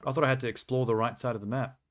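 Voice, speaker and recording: A man's voice: mid-range voice, fairly even intonation, racing. A man streaming a video game, chatting casually and rambling through asides with a self-deprecating humor. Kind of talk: casual live-stream commentary.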